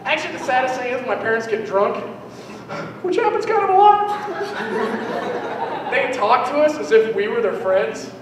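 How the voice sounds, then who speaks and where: A young man with a very high voice does a rambling, self-mocking stand-up set, joking with the crowd as he goes. The sound is a big echoey hall with a long reverb tail. He is caught from far off, with steady room noise behind him. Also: moderate pace, pauses often. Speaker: stand-up comedian. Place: live comedy venue with an audience.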